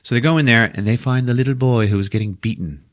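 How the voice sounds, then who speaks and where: A man casually recapping a movie for a podcast, swearing, laughing and acting out the characters in quick voices. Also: medium pitch. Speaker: podcast host recapping a film.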